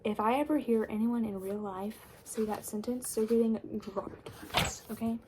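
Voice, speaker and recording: This is a casual, ranting book review: a young vlogger sarcastically complains about books she dislikes, chatting with many fillers. Her fairly high voice holds a steady tone at a moderate pace, with background noise present.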